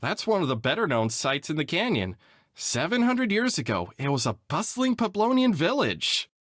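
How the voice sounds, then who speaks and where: A game's tour guide, steadily explaining sites to his group. His voice rises and falls with lively pitch, recorded close and dry. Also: moderate pace, dry recording. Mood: informative. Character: adult male tour guide, informative.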